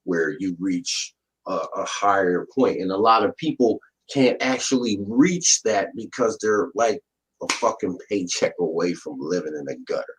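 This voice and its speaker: A man's voice: low-pitched, moderate pace, poor audio. A young man in a casual chat, talking in a laid-back, slangy way. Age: young adult.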